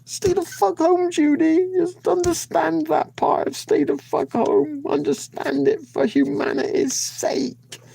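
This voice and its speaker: Brief: a man doing a shrill, screaming woman scold, swearing and berating, far above his own range. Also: lively intonation, extremely slow, gravelly, few pauses, warm tone, heavily acted. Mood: enraged.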